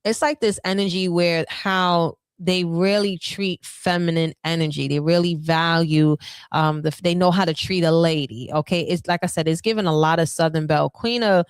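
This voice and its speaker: A woman doing a casual tarot reading for her viewers, chatty and full of fillers, with sudden bursts of excitement. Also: on the low side, moderate pace, clear, resonant tone, no room sound. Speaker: tarot reader.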